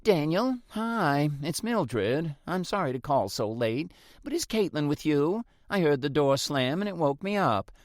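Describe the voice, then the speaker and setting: A male narrator voicing a worried woman neighbor who pleads softly in an audiobook. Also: fairly high pitch, very animated, a little slow, no echo, studio quality, pitched above the performer's own voice. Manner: anxious, pleading. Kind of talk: audiobook character voice.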